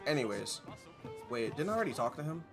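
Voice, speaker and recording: A male streamer gives loose, rambling commentary while he plays, joking and talking to his chat. His voice sits at a middle pitch, with faint music in the background. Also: sing-song, fast. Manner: rambling, jokey, talks to chat. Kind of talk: casual gameplay commentary.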